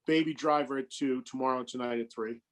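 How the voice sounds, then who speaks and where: A man chatting as a guest, relaxed and analytical. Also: medium pitch, quick pace. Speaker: guest musician. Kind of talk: casual chat.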